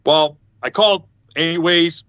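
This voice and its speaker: Guy rambling thru a story, bright tense voice, acts out everyone he quotes, dull lo-fi call audio. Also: fairly high pitch, a little slow, dry recording. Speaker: podcast panelist. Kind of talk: casual chat storytelling. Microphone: video call.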